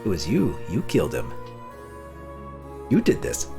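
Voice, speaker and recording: A man's voice: low-pitched, measured pace, vocal fry, music in the background, full character voice. A man reading aloud and voicing a cold, contemptuous male villain who speaks without emotion. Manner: flat, emotionless and mocking.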